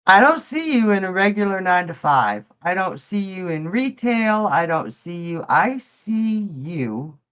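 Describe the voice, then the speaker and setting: A woman's voice: medium pitch, very animated, measured pace, few pauses, a bit bright, clear, resonant tone. Chatty laughing woman on a live stream. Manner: chatty, jokey, laughs often. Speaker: psychic reader. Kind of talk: live-stream chat and psychic reading. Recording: dull lo-fi stream audio.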